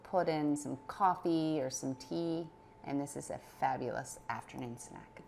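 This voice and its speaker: A woman's voice: deep voice, a little slow, creaky, darkish tone, faint music behind. A middle-aged woman chatting casually as she demonstrates a recipe in her home kitchen. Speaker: cooking show host.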